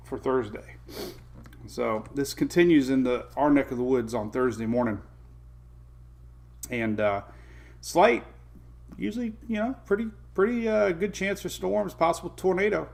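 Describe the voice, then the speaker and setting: Chatty man hosting a morning weather stream. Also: a little high. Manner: chatty, greets viewers by name, chuckles often. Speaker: weather livestream host. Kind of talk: casual morning weather chat.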